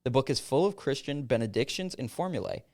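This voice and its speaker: A young man hosts a casual podcast, reading passages aloud and tossing in quick jokes, asides and laughs between them. His mid-range voice swings widely in pitch and has a slightly mellow quality.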